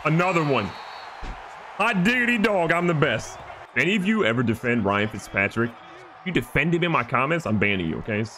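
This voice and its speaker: A man giving excited, joking gameplay commentary as a gaming YouTuber. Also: on the high side, brisk, a little hiss or hum. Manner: animated, joking, trash-talking.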